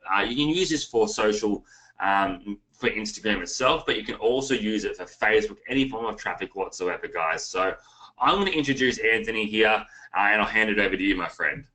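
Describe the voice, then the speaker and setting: An Australian man hosts an online webinar with a lowish voice that still sounds bright and forceful. He talks casually and keeps turning to the viewers as guys. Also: expressive, fairly quick, low-quality recording. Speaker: webinar host.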